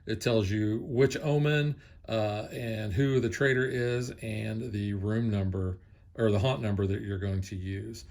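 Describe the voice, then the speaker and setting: A middle-aged man in a casual board game review chat, explaining rules in a relaxed way with plenty of ums and uhs. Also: lowish voice, unhurried, creaky. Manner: relaxed, explanatory, filler-heavy.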